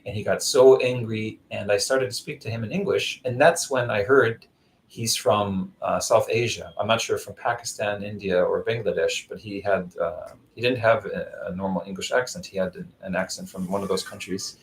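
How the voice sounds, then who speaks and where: A man's voice: lowish voice, fairly even intonation, moderate pace, slight background noise, low-quality recording. A man chatting casually on a live vlog stream, rambling through stories and answering viewers by name. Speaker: vlogger doing a live stream. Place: Zamboanga City.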